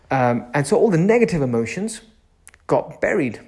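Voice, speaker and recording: A man's voice: fairly high pitch, very animated, normal speed, a little mellow, breathy edge. A man who runs a nursery, giving a reflective self-help talk, repeating key phrases and lingering on words.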